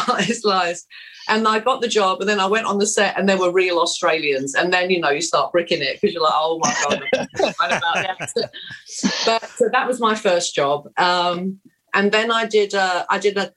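A woman from England in her fifties, a guest actress, telling blunt, lively, self-deprecating stories in a candid chat. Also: fairly low pitch, rough recording.

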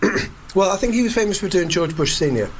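A man's voice: high-pitched, animated, quick pace, background noise. A man co-hosting a casual podcast chat, jokey and wry. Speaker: podcast co-host.

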